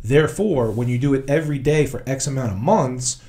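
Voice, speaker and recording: A man with a New Jersey accent co-hosting a casual podcast. He talks bluntly and animatedly, swearing freely, at an ordinary mid pitch. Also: fairly quick, dark tone. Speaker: podcast co-host.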